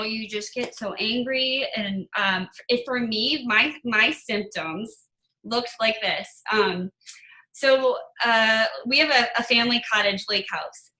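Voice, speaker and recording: Bright, animated woman in an echoey room. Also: mid-range voice. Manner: open, animated storytelling with laughs. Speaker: guest. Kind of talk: casual interview chat. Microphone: video call.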